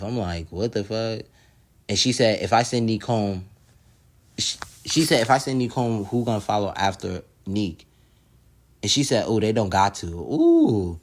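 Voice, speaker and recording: A man casually recapping a reality show episode, swearing freely, laughing often and acting out what the cast said. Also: on the low side. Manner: profane, laughs often, acts out quotes. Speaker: TV episode reviewer.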